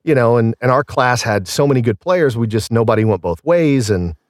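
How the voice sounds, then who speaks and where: A man's voice: medium pitch, expressive, brisk, no room sound, clean studio sound. A middle-aged man from Southern Illinois with a Southern Illinois accent, rambling casually with many fillers as a guest. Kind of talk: casual conversation.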